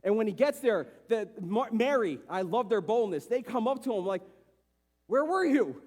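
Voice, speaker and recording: A man's voice: expressive, moderate pace, a little mellow. A man pastor preaching a sermon with passion, acting out the voices of people he quotes. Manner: impassioned, acts out dialogue with rising pitch. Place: church sanctuary. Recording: long church hall reverb.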